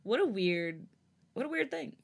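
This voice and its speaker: A woman's voice: fairly high pitch, sing-song, normal speed, vocal fry, breathy edge. A woman co-hosting a podcast, reading fanfiction aloud and chatting with a friend, laughing often. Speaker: podcast co-host.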